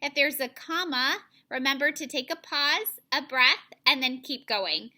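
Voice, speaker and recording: A young woman teacher giving an online reading lesson to children, modeling phrasing clearly and deliberately. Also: high voice, pushed and bright.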